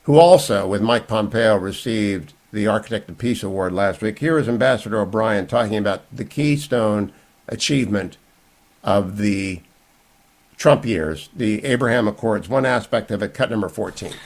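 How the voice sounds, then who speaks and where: A man hosting a talk radio show, delivering an opinionated monologue with emphatic bursts and quieter asides. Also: moderate pace. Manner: emphatic, swinging from loud bursts to low asides.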